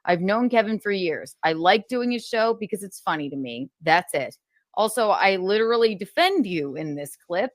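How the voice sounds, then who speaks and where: A woman's voice: medium pitch, expressive, normal speed, no echo, studio quality. A woman in a heated casual rant, rambling and profane, recounting a feud.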